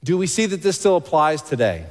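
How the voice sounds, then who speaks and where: Emphatic preacher in a reverberant hall. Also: male voice, a little high, very animated, fairly quick. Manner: emphatic, swings from loud exclamations to hushed asides. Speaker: pastor. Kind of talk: sermon. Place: church hall. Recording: long reverb of a large hall.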